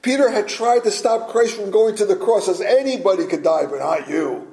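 Male pastor, sermon, earnest rhetorical questions, mellow slightly high voice, roomy church echo. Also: normal speed, gravelly.

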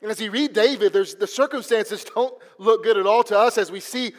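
A man's voice: high-pitched, fairly quick. A man preaching a sermon as pastor, telling stories and often restarting his words. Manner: storytelling preacher with repeated restarts. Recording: long reverb of a large hall.

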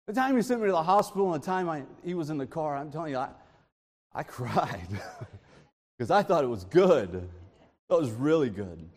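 A man delivers a sermon from a church sanctuary, talking in an informal, animated storytelling way. His voice sits high for a man. Every word trails off into the long reverb of a large hall. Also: normal speed, long pauses. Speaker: pastor.

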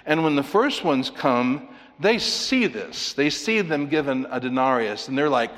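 A man teaching a Bible passage verse by verse, animated, acting out the characters with quick asides and chuckles. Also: medium pitch, long reverb tail. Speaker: preacher.

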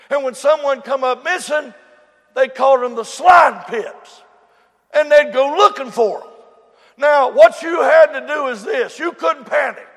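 A high-pitched, gravelly older man preaches a folksy sermon full of stories. He swings from shouting to near murmurs, and his voice rings through a hall with a long reverb. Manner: shouting and dropping to a murmur, storytelling.

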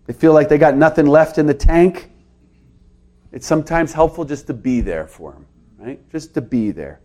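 Male pastor preaching in earnest; fairly high voice with lively rises and drops. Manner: earnest preaching, pitch rising and falling for emphasis. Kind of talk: sermon.

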